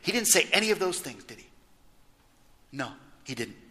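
Animated male preacher in a reverberant hall. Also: on the high side, moderate pace. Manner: animated, emphatic preaching with rhetorical questions. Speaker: pastor. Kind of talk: sermon.

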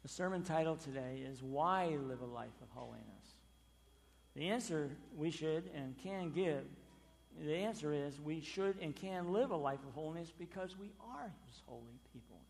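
A man preaching a sermon as pastor, emphatic, with loud stressed phrases and sudden quiet drops. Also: fairly high pitch, expressive, moderate pace, gravelly, long reverb tail.

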